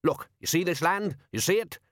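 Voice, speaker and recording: A man's voice: sits high, animated, moderate pace, fairly bright tone, no echo, clean studio sound, voice pushed up. A man voicing a blustering, scheming middle-aged fisherman father who talks in a bossy way.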